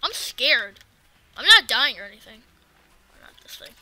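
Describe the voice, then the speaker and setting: A woman giving casual let's-play commentary, excitable and talking back to the game's enemies. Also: high-pitched, measured pace. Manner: excitable, swears and talks to the game enemies. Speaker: gaming video creator.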